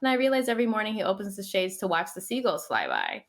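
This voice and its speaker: Animated young woman podcast host. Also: mid-range voice, fast. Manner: animated storyteller, acting out quotes. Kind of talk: casual conversation.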